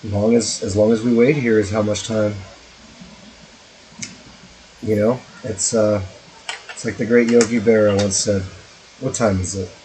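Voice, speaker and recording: A man's voice: fairly low pitch, little pitch movement, measured pace, long pauses, dark tone, slight background noise, poor audio. Rambling, joking male game streamer. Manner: rambling, profane, joking asides. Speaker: streamer playing a strategy game. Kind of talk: casual let's-play commentary.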